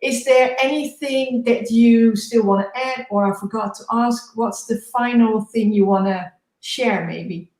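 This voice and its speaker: A woman's voice: a little high, unhurried, hardly any pauses, a little mellow. A woman hosting an interview show, affirming her guest and wrapping up the conversation politely. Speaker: host. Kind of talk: casual interview chat. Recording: echoey room.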